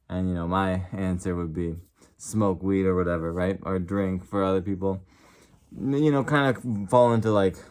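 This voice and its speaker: A man's voice: low-pitched, darkish tone. Rambling young man, casual and earnest. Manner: rambling, heavy use of "like"; earnest, passionate. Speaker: vlogger. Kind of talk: casual talk to camera.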